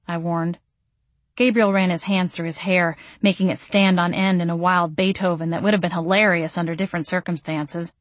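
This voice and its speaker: A woman's voice: on the low side, flat delivery, normal speed, no room sound. A woman narrating a first-person audiobook in a wry, self-mocking way.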